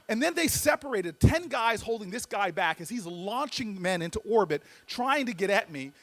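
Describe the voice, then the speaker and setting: A man giving a humorous storytelling speech as a guest speaker, animated and full of comic timing, often repeating words as he builds up. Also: sits high, moderate pace.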